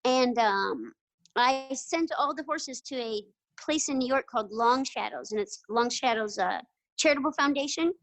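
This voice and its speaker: Middle-aged woman, high voice, animated storyteller, dry close sound. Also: moderate pace, no echo, low-quality recording. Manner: animated, laughing, acts out quoted voices. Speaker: guest, retired jockey. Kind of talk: casual interview storytelling.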